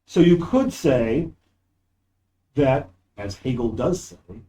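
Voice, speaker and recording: A man's voice: mid-range voice, measured pace, mellow, rough recording. A man giving a university philosophy lecture in a classroom, talking in an emphatic, discursive way, recorded without a proper microphone. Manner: discursive, emphatic, reads quoted passages aloud. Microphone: no microphone, audio cleaned up after.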